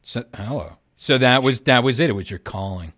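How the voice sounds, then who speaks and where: Middle-aged man host, sarcastic and grumbly, swings his pitch a lot. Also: animated, fairly quick, fairly bright tone. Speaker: podcast host. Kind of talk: casual interview chat.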